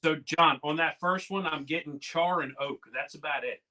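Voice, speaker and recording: Hesitant man guest with bright voice. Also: a little high, moderate pace. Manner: hesitant, dry joking. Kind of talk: casual tasting chat.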